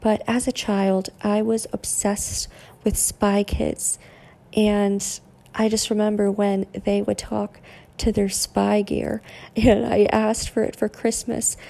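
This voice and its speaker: A young woman hosting a podcast, giving a casual motivational monologue in a deadpan, monotone way. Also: mid-range voice, gravelly. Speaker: podcast host.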